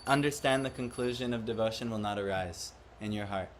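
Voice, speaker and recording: A man's voice: on the low side, a little fast, a little hiss or hum. A man giving a devotional class to a live audience, often questioning the listeners and acting out the voices he quotes. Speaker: spiritual teacher.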